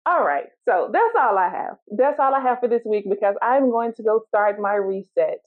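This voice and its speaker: Woman podcast host, encouraging, storytelling, fairly high voice, tinny phone-like sound. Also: lively intonation, moderate pace. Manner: encouraging, storytelling, direct address. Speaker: podcast host and law firm owner. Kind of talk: casual motivational solo podcast.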